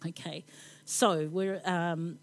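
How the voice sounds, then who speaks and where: A woman with a New Zealand accent giving a chatty, rambling sermon in a church, full of playful asides and quick laughs. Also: lowish voice, fairly even intonation. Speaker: preacher.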